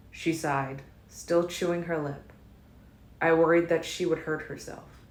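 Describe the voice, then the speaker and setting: A woman narrating a fan-made audiobook in a calm, measured first-person reading. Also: deep voice. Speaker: audiobook reader. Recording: roomy echo, faint noise.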